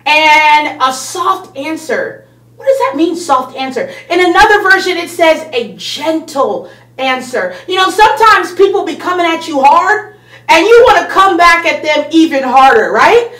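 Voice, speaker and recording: Lady teaching a kids bible lesson, high voice, chatty and upbeat, kinda far off and echoey. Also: lively intonation, normal speed, fairly bright tone. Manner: upbeat, conversational, uses everyday examples. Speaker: children's church host.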